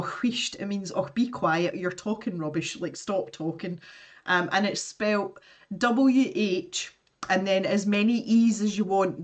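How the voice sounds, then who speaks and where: A woman with a Scottish accent hosting an art live stream, chatting casually while she draws, laughing often and greeting viewers. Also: medium pitch.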